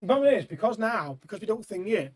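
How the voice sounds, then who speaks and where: Excitable high-voiced man. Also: fast talker, crowd noise. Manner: excitable, breaks into loud silly shouting and laughter. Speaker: podcast co-host. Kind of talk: casual banter.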